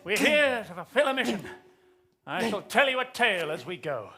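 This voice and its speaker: A man's voice: high voice, big pitch swings, normal speed, pushed and bright, a little hiss or hum, exaggerated voice. A man playing a pompous, commanding ship captain leading his crew, in improvised stage comedy.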